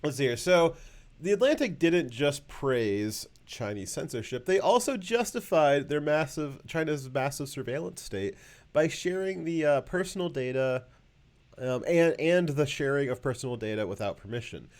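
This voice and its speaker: A man's voice: a little high, lively intonation, moderate pace, a little mellow. A man hosting a casual political talk show, rambling with many fillers and a sarcastic edge. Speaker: show host.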